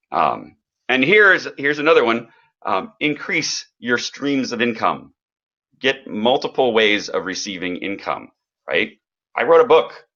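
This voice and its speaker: A middle-aged man giving a live-streamed business coaching talk over slides, animated and acting out quoted voices. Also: on the low side. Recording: slightly dull, lo-fi stream audio.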